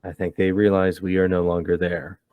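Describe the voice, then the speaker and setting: A man voicing a calm, resolute young woman in a tabletop game, speaking in a measured, even way. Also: low voice, dry recording, phone-quality sound, close to an everyday voice.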